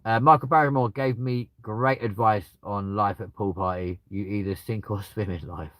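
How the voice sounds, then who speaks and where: Crude joking man, lowish voice. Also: moderate pace, fairly bright tone, no room sound. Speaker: livestreamer reading out chat. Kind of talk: casual chat. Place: at home with dogs nearby.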